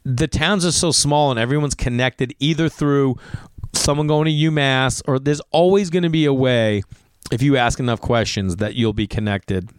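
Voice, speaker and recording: A man's voice: medium pitch, normal speed, clean tone, no echo, studio quality. A man with a Boston accent, a comedian and podcast host, telling rambling, profane stories full of fillers in a garage. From Massachusetts. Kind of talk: casual storytelling.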